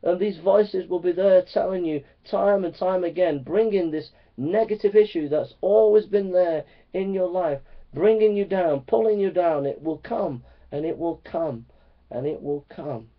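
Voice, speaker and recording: Male preacher, higher voice, earnest, repetitive build-ups, dull lo-fi recording. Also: a little slow. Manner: earnest, repetitive, swinging from loud to hushed. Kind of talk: sermon to preachers.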